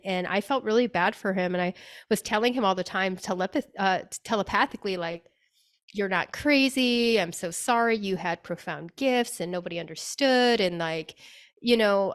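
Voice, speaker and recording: On a podcast, a woman interviewed as a spirit medium tells a personal story in a chatty manner. Her voice is medium-pitched, she often says "like," and she acts out things she once said.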